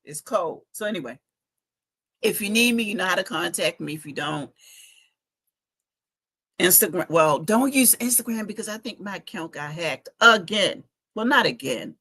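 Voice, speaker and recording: A woman's voice: on the low side, expressive, moderate pace, pauses often, pushed and bright, slightly rough. A middle-aged woman, chatting animatedly to viewers in a casual livestream from her home basement, speaking into a phone. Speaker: fashion week organizer giving a live update.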